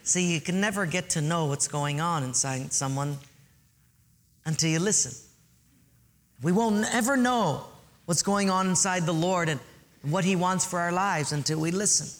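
A man's voice: high-pitched, moderate pace, fairly bright tone. A man preaching a sermon earnestly, asking listeners to underline and write things in their notes. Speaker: pastor.

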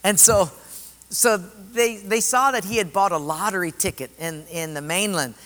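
A man's voice: high-pitched, normal speed. A man preaching a sermon and telling stories, acting out the voices of the people in them. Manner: animated, acts out voices in stories. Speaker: pastor. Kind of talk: sermon with storytelling. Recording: long reverb of a hall.

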